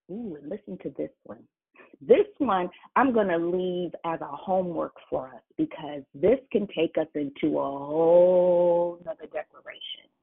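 Slow, husky woman preaching over a phone line. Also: fairly low pitch. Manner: emphatic, spells out words and repeats phrases. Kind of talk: sermon.

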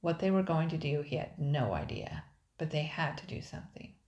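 An older woman, a grandmother, narrating a children's storybook in a steady, expressive reading. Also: low voice, a little fast, highs cut off. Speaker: storybook reader. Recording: echoey room.

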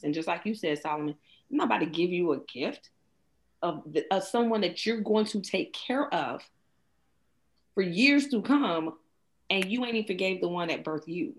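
A woman's voice: moderate pace, a little hiss or hum. A woman hosting a faith-based podcast conversation, talking casually and animatedly, often repeating words. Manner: animated, acts out her young daughter in a high voice. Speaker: podcast host.

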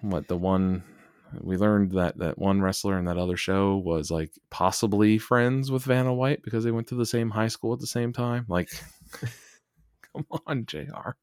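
A man's voice: fairly low pitch, normal speed, darkish tone, clean tone, no echo, clean studio sound. A man co-hosting a casual wrestling podcast, recapping with wry, sarcastic asides. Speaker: podcast co-host. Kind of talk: casual wrestling review chat.

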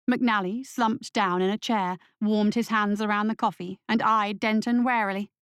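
A woman narrates an audio story with a steady, measured delivery. Her pitch sits in the middle range. The recording is close and dry. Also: clear, resonant tone, no room sound.

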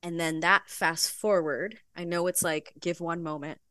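A woman guest on a podcast, telling an animated story with frequent laughter in a casual chat. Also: on the low side, measured pace, dry recording, clean studio sound. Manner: giggly, animated, laughs often. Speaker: podcast guest, bodybuilding pro.

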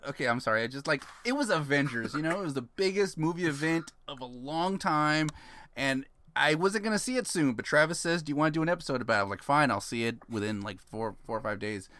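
A man's voice: on the high side, lively intonation, fast, sharp tone. A man from San Antonio, co-hosting a casual movie podcast, ranting and swearing freely. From San Antonio, Texas. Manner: ranting, swearing, laughing between jokes. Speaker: podcast co-host. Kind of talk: casual profane movie chat.

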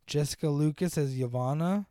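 A man co-hosting a casual movie podcast, joking crudely and slipping into quick voices when he quotes characters. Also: a little high, dark tone, clear, resonant tone, no room sound, clean studio sound. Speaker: podcast co-host.

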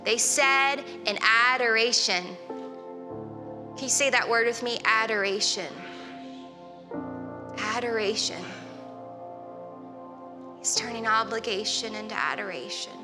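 A woman's voice: fairly high pitch, normal speed, over music. A woman preaching a sermon in an earnest, conversational way, with casual fillers. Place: church hall. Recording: long reverb of a church hall.

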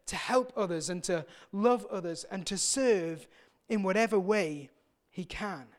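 Earnest pastor preaching. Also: male voice, high voice. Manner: earnest, softens and slows for emphasis; acts out quoted voices with sudden loud bursts. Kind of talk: sermon.

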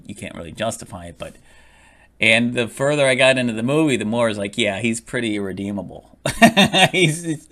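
A man's voice: on the low side, fairly bright tone. A man casually reviewing a movie, rambling with lots of fillers, restarts and frequent laughs.

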